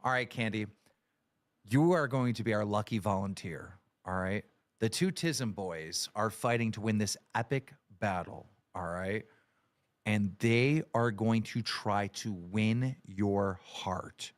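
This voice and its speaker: A man's voice: fairly low pitch, slow, no room sound. A man hosting a livestream game, animatedly directing the players. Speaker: livestream host.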